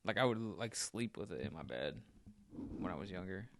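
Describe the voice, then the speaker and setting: A man's voice: sits low, lively intonation, fairly quick. A man co-hosting a podcast, chatting casually and rambling, with lots of filler "likes". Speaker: podcast co-host. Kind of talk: casual chat.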